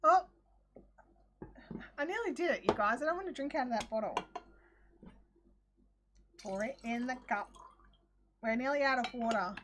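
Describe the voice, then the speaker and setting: A woman with an Australian accent hosting a live craft chat, chatty and quick to laugh as she answers viewer comments. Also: on the high side, lively intonation, noisy background. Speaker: host.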